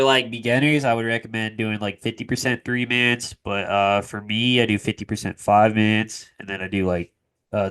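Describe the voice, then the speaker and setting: A man's voice: on the low side, fairly bright tone, clear, resonant tone. A young man with a cold, talking through a sports betting walkthrough in a loose, filler-heavy way. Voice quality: nasal. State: congested from a cold. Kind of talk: casual screen-share walkthrough.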